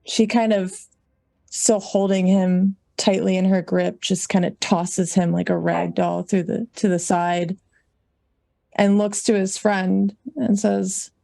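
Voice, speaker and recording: A woman player describing her character at a tabletop game in an unhurried way, pausing often with ums. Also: medium pitch, flat delivery, vocal fry, dark tone, no room sound. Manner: unhurried, with many ums and pauses.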